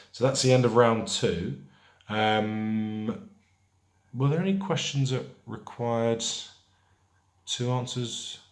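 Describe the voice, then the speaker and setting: A man hosting a pub quiz, reading each question slowly and repeating it, with chatty asides between questions. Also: on the low side. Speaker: quiz host. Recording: echoey room.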